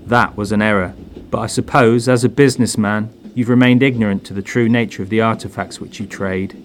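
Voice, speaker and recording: A man voicing a learned occult expert who lectures in a measured, grave way. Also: fairly low pitch, fairly even intonation, a little hiss or hum, lightly acted. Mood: lecturing.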